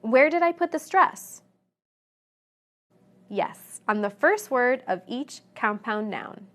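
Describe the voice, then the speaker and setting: Woman teacher reading a scripted lesson; unhurried, measured, clear, a touch high-pitched. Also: lively intonation. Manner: clear, deliberate, stresses example words. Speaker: English pronunciation teacher. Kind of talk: slow scripted lesson narration.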